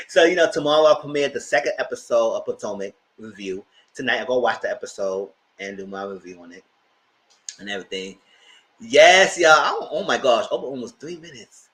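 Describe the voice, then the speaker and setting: Man, bright tone, casual live review chat, blunt and slangy, animated. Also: mid-range voice, a little hiss or hum, rough recording. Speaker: host of a TV review channel.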